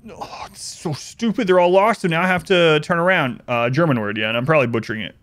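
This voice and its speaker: A man's voice: fairly high pitch, fast, a bit bright. A man streaming a horror game live, chatting and joking with his viewers as he plays. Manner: chatty, joking, laughs often, talks to chat. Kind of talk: live gameplay commentary.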